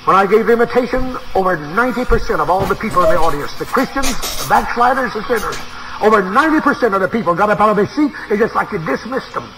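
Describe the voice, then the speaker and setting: A man's voice: high voice, animated, quick pace, low-quality recording. A man preaching a sermon, telling a dramatic story with an emotional delivery. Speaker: evangelist preacher.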